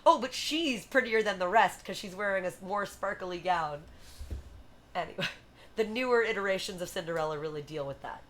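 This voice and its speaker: A woman hosting a livestream, chatty and animated as she retells a story to her viewers. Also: mid-range voice, normal speed, slight background noise. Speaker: livestream host. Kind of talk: casual retelling and performing for a live chat.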